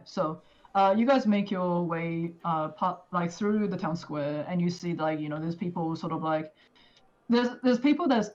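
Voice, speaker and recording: Low-voiced woman running a game. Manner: casual, many fillers. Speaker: game master. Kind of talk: narrating a tabletop game. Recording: dull lo-fi audio.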